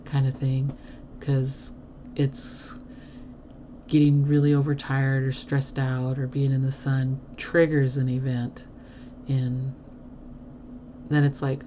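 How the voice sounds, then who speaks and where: A woman's voice: rumbling low, level tone, slow pace, long pauses, dull audio, noisy background. A woman chatting casually with viewers on a livestream, rambling with many fillers, teasing and laughing often. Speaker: livestream host. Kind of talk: casual chat answering viewer comments.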